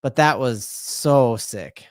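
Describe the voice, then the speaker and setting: A man doing live fan play-by-play on a stream, with a mid-range voice and a dry, close sound. His talk is rambling and casual, full of restarts, and it breaks into loud, drawn-out cries of excitement. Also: medium pitch, no echo. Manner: excitable, bursts into loud repeated exclamations.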